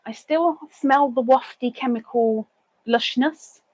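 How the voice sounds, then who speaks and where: A woman's voice: on the high side, slow pace, no room sound, low-quality recording. Chatty woman hosting a live stream. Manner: chatty, reads comments aloud with sing-song greetings. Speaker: live stream host reading viewer comments. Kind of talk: casual live stream chat.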